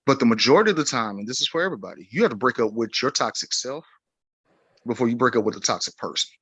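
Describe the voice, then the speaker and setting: A man who works as a life coach, speaking on a casual podcast in an emphatic, preachy way, acting out imagined inner voices with big swings in pitch. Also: expressive, fast talker, a bit bright, slightly rough, no room sound.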